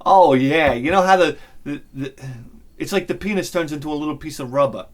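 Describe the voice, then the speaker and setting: A middle-aged man, telling a crude, animated story on his vlog, swinging between loud bursts and muttered asides. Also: fairly high pitch, fairly quick, a little hiss or hum. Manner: crude humor. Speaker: vlogger. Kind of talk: casual storytelling.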